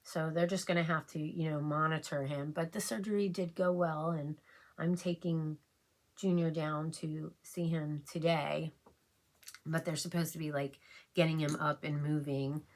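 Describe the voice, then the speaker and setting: A middle-aged woman vlogging at home while she gets ready, rambling and halting with many fillers and restarts, and emotional to the point of tears. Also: low-pitched, steady tone. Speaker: beauty vlogger. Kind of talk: casual chat while getting ready.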